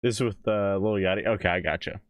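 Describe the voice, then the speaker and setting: A man with a fairly low voice chats casually on a music reaction stream, chuckling through rambling asides. The sound is dry and close, on a desk mic at home. He sometimes talks with his mouth full. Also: steady tone, fast talker, no room sound. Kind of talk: casual live-stream chat.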